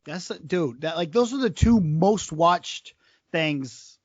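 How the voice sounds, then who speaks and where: A man's voice: on the high side, lively intonation, slow, slightly rough, no room sound. A man co-hosting a casual podcast, slangy and joking with a sarcastic edge. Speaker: podcast co-host. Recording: dull lo-fi dry sound.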